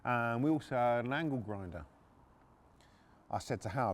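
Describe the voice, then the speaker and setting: A man's voice: mid-range voice, expressive, moderate pace. A middle-aged man, a podcast host and former repo man, telling a story casually and bluntly, swearing and restarting his sentences.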